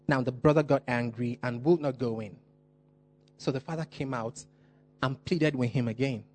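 A man preaching a sermon, stressing and repeating key phrases, slowing down on important words. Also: medium pitch, a little hiss or hum.

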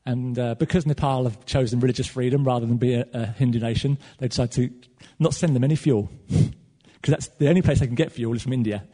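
A man preaching a sermon in a church hall, animated and swinging between loud and soft. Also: medium pitch, fairly quick. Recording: long reverb of a large hall.

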